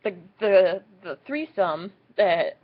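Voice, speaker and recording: A young woman telling a story in a casual vlog, swearing freely and acting out what people said in squeaky high voices. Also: lively intonation, takes it slowly, narrow, tinny audio. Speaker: vlogger.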